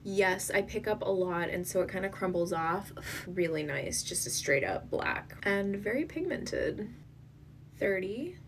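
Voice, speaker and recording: A woman's voice: medium pitch, big pitch swings, recorded from a distance, slight background noise. A woman reviewing an eyeshadow palette, gushing and emotional, often dropping to a whisper and tearing up. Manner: gushing, emotional, slow and breathy, dips into whispers. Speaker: beauty vlogger. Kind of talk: makeup swatch review.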